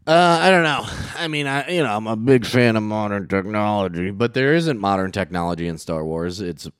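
A man's voice: lowish voice, expressive, a little fast, smooth, dry recording. Man, casual co-host, crude jokey banter, dry mic. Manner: crude, joking, slips into silly put-on voices. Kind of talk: casual chat.

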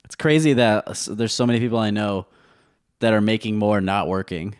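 A man's voice: fairly low pitch, steady tone, normal speed, clear, resonant tone, no room sound. A man, a comedian, tossing out dry wry remarks in casual banter. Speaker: comedian podcast co-host.

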